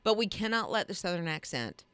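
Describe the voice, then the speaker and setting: Female morning co-host, lively swooping delivery, dry close mic. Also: lowish voice, brisk, clean tone, no echo. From Ohio, moved South as an infant. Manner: chatty, animated storytelling. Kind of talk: casual radio chat.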